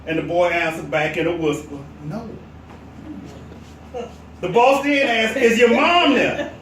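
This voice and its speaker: A man preaching a sermon as pastor, telling a story with animated delivery. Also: sits high, normal speed. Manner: animated storyteller, drops to a hush for quoted whispers. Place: church sanctuary. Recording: echoey church from a distance, faint noise.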